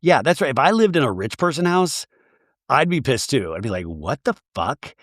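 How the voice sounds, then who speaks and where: A man hosting a comedic podcast recapping reality TV, rambling and animated with jokey asides. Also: a little high, a little fast, no echo, studio quality. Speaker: podcast host.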